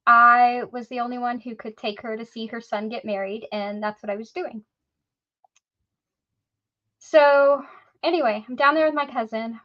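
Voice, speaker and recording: A woman's voice: fairly high pitch, lo-fi sound. A woman casually telling a story on a podcast, acting out the voices of the people in it. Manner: animated, acts out quoted voices.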